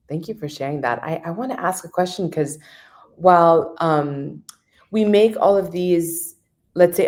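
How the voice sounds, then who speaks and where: Low-voiced woman hosting a chatty interview. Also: a little mellow. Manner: chatty, many fillers, eager questions. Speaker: host interviewer. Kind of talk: conversational interview.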